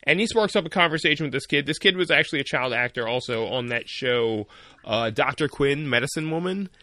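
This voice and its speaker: A young man co-hosting a podcast, retelling a story in a rambling, animated way with lots of fillers. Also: mid-range voice, fairly quick, dry recording. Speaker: podcast co-host. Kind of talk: casual storytelling chat.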